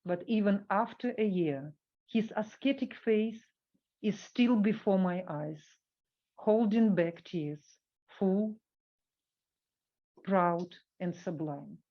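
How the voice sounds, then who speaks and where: A woman giving a workshop talk, reading an academic paper from a script and halting with fillers when she speaks off the cuff. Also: medium pitch, muffled recording.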